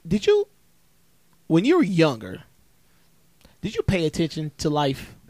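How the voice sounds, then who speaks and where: A man with a slightly high voice holds forth in a loose, profane podcast chat. He circles around his point and leans on it for emphasis. The sound is dry and close, with no room around it. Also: wildly swooping pitch, unhurried, darkish tone, no echo. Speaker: comedian podcast co-host.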